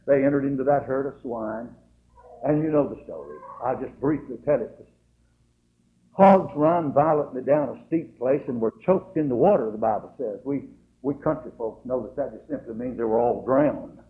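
A man preaching a sermon in a folksy, dramatic way, building to loud emphasis. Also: medium pitch, moderate pace. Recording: tinny lo-fi echoey church tape.

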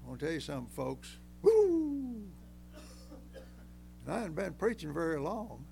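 Older preacher guy, high gravelly voice, folksy and emphatic, loud then quiet. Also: expressive, quick pace, slight background noise. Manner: folksy, emphatic, rising to shouts then dropping low. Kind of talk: sermon.

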